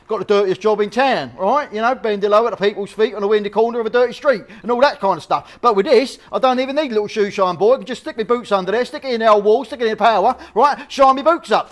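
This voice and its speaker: A man with a Cockney accent, an auctioneer chatting casually as he walks through the lots. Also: high-pitched. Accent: London Cockney. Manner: chatty, cheeky, full of slang asides. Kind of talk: casual walkthrough chat.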